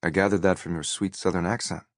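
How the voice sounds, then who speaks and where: A man narrating an audiobook plays a tall, quiet, intense detective with a deep, smooth voice, calm and polite. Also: fast talker, no echo, clean studio sound. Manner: calm, polite, few words.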